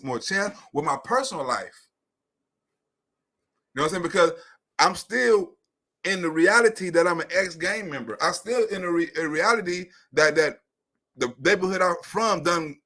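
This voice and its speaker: A high-pitched man with a bright, sharp edge to his voice holds forth in a loose livestream monologue. He is profane and animated, repeating himself as he builds each point. His laughs break up the rant. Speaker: comedian and YouTube host.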